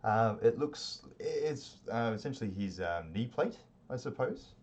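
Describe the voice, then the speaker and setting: A man narrating a tabletop game as game master, in a relaxed, rambling way with many fillers. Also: mid-range voice, measured pace.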